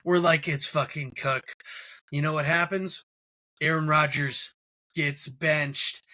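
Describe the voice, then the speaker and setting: A man's voice: fairly high pitch, fairly even intonation, slow pace, bright, forceful tone. A man with a New York accent hosting a casual sports podcast, ranting with heavy profanity. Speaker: podcast host.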